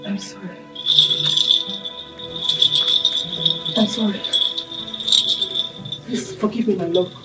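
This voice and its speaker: A Nigerian-accented woman playing a seductive, possessive female marine spirit princess in a film, coaxing and commanding in a slow, insistent way. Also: mid-range voice, fairly even intonation, over loud music, natural voice, low-quality recording. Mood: apologetic. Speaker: spirit wife. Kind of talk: Nollywood film acting.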